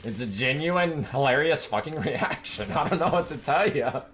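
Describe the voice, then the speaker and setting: A man's voice: a little high, expressive, normal speed, a bit bright, a little hiss or hum. A man streaming a game, talking casually to his chat in a rambling, profanity-laden rant that keeps circling back to one point.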